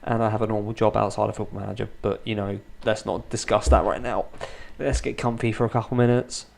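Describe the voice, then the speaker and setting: A gaming YouTuber in his thirties records Let's Play commentary at home at night, keeping quiet and restrained so his sleeping children don't wake, with dry, self-mocking humour. His voice is on the low side, quick and gravelly, with little pitch movement.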